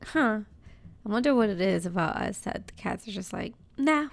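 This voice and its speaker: A woman co-hosting a podcast, telling stories in a casual, animated way with frequent swearing and laughter. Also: medium pitch, moderate pace, creaky, no echo. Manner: animated storytelling, swears freely, laughs often. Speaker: podcast co-host. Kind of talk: casual chat.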